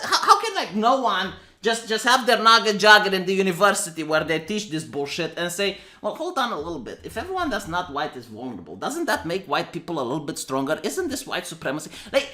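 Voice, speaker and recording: A woman from Romania, a commentary streamer, rants about tweets she reads out, sounding exasperated and sarcastic and going over the same points again. Her voice is on the high side and a bit bright.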